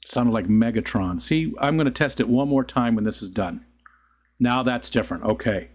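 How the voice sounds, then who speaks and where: A man's voice: mid-range voice, normal speed, a little mellow. A middle-aged man hosting a casual live stream, rambling and chuckling as he talks to his chat. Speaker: livestream host.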